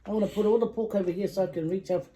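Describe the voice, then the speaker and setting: Brief: woman vlog host, casual mealtime chat, mellow tone, giggly asides. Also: mid-range voice, steady tone, racing, poor audio. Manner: chatty and giggly, trails off into soft asides. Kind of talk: casual chat while eating.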